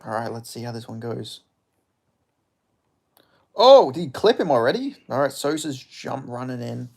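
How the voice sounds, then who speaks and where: A man hosting a live fight watch-along, giving casual, profane commentary with sudden excited outbursts. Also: medium pitch, normal speed, vocal fry, slightly rough. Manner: excitable, swearing, bursts into loud reactions.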